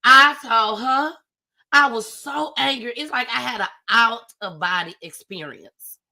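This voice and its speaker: A woman's voice: on the high side, a little slow, gravelly, bright, forceful tone. A woman, telling a story in a casual live-stream chat and acting out her own panicked cries. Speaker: storyteller guest.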